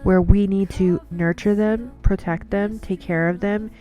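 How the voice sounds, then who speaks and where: A woman's voice: mid-range voice, fairly even intonation, a little slow, muffled recording, faint music behind. A woman giving an earnest devotional talk in a casual monologue, telling stories and repeating words as she goes.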